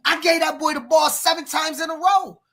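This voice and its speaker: A man who coaches youth football, telling stories and lecturing parents on a podcast, emphatic and preachy, now and then breaking into shouts. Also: very high-pitched, steady tone, normal speed. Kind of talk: animated podcast storytelling.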